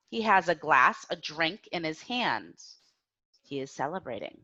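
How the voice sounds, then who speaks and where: A woman teaching a grammar lesson, speaking slowly and clearly and having learners repeat after her. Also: low-pitched, big pitch swings, sharp tone, highs cut off. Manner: slow, clear, drills learners with repetition. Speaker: English teacher.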